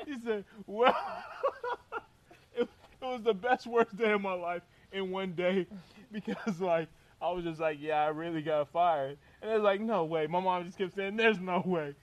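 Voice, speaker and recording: A young man casually telling a long personal story, animated and often laughing as he goes. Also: high voice. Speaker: storyteller guest.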